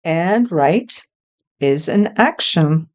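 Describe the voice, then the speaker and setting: A woman teaching English to learners, speaking slowly and clearly in a patient, encouraging way. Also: low voice, animated, darkish tone. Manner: patient, encouraging, talks to a child helper.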